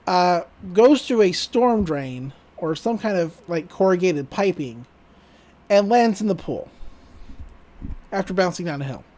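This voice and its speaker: A podcast host casually recapping a cartoon episode, animated and laughing often. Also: medium pitch, unhurried.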